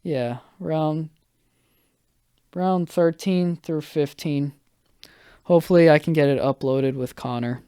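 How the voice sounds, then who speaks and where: A young man hosts his podcast alone and recounts a rough few days at an unhurried pace. His voice is smooth and clear, recorded dry and close to the mic. He stumbles through fillers and restarts and pokes fun at himself. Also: fairly high pitch, mellow, dry recording. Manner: halting, filler-heavy, self-deprecating. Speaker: podcast host. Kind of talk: casual solo storytelling.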